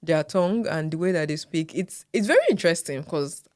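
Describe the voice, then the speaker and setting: A young woman with a Nigerian accent co-hosts a podcast in a relaxed way, her voice low and recorded dry and close. She often murmurs agreement while the other speaker talks. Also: fairly quick, dry recording. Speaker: podcast co-host. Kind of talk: casual chat.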